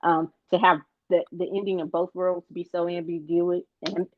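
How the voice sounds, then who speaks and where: A woman's voice: on the low side, level tone, normal speed, narrow, tinny audio, a little hiss or hum. A woman co-hosting a movie podcast, chatting casually and tripping over her words now and then. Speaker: podcast co-host. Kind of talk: casual chat.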